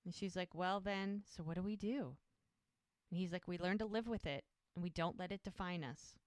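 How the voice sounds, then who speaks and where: A woman's voice: fairly low pitch, normal speed, no echo, clean studio sound. A woman co-hosting a podcast, casually retelling TV scenes and acting out the characters' lines. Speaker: podcast co-host. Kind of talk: casual recap chat.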